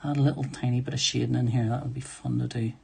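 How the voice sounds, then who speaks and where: A man's voice: medium pitch, level tone, quick pace, creaky, a little mellow, husky. A man hosting a live drawing stream, chatting in a rambling, self-deprecating way and reading viewer comments aloud. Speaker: livestream host drawing sketches. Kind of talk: casual chat while drawing.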